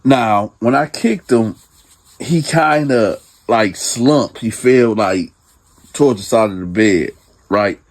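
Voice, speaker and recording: Husky man telling a prison story. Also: fairly low pitch, slow. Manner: profane, slangy, addresses listeners as y'all. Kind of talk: casual true-crime storytelling.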